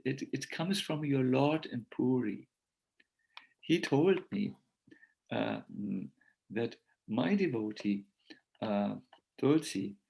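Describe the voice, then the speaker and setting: A man voicing a kindly young Brahmin boy who gently reassures a crying devotee. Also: medium pitch, gravelly, low-quality recording.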